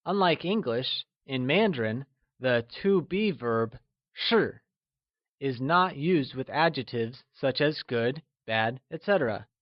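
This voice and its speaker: A man narrating a scripted language lesson, slow and encouraging, with deliberate explanations. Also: mid-range voice, expressive, no echo, muffled recording. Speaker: language teacher.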